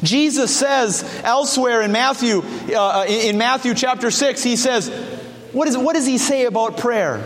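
A man preaching a sermon, animated, acting out the voices of people he quotes. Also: very high voice, a little slow. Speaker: pastor. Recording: church hall reverb.

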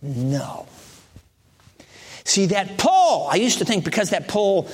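A man preaching a sermon in a conversational way, jumping to emphatic high peaks and then dropping to soft, hushed lines. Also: very animated, moderate pace, slightly rough. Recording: long reverb of a large hall.

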